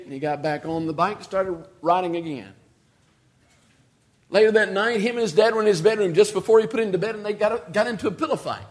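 A man preaching a sermon, telling a story with sudden shifts between loud and quiet and repeating key phrases for emphasis. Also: sits high. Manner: storytelling with dramatic swings in loudness and pace.

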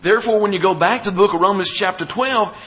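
A man's voice: high voice, quick pace, fairly bright tone, rough recording. A man, the pastor, preaching a sermon, reading scripture aloud and asking the congregation questions he then answers.

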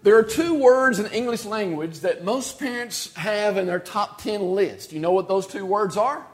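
A man preaching a sermon, telling a story with sudden shifts between loud and quiet and repeating key phrases for emphasis. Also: high-pitched, moderate pace, hardly any pauses. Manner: storytelling with dramatic swings in loudness and pace.

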